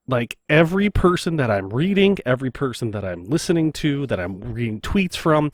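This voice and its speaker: A man's voice: mid-range voice, dry recording. Young man, from canada, podcast co-host, questioning, filler-heavy, dry close sound. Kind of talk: casual chat.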